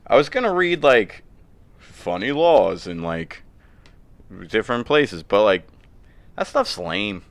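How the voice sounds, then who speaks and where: A man's voice: lowish voice, slow, long pauses, no room sound. A man co-hosting a casual podcast, telling rowdy stories with lots of laughter and silly put-on voices. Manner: animated storyteller, laughs often, mimics voices. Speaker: podcast co-host. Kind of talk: casual crude podcast banter. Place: indoor room, video podcast.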